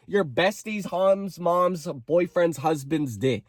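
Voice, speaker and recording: Sassy high-voiced man reading comments. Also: no echo, studio quality. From Canada. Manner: sassy, rapid asides and mock outrage. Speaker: storytime creator. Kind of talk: casual comedic storytime reading comments.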